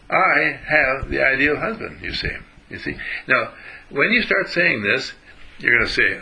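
A man's voice: a little high, creaky, sharp tone, rough recording. A man giving a motivational spiritual lecture, emphatic, repeating phrases and asking his listeners questions.

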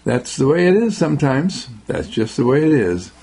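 A man's voice: mid-range voice, sing-song, normal speed, mellow, husky. A man voicing an easygoing meter reader. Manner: easygoing, chuckling, shrugging it off. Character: good-natured male meter reader, patient.

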